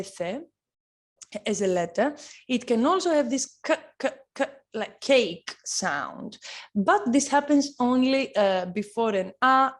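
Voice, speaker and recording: A woman teaching an online lesson, encouraging and repeating words slowly to model pronunciation. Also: a little high. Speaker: Spanish teacher.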